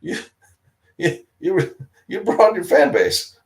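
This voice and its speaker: A man's voice: high voice, very animated, takes it slowly, rough recording. A middle-aged man from Denmark, co-hosting a casual live-stream chat, a chatty storyteller who laughs often and acts out the voices of other people.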